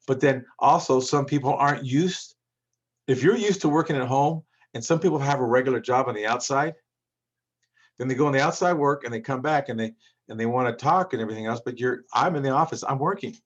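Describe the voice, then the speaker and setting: A man's voice: mid-range voice, fairly quick, muffled recording. A man coaching on business credit in a rambling motivational monologue, full of restarts and repeats. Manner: rambling, repetitive, with many restarts.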